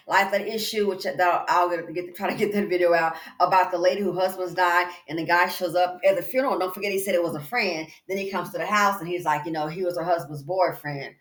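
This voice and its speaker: A woman hosting a commentary channel, talking in an emphatic, chatty way and calling the listener "girl" and "baby". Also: lowish voice. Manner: animated and emphatic, addresses viewer as "girl" and "baby". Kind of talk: casual commentary. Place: indoors, exercising while recording. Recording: echoey room.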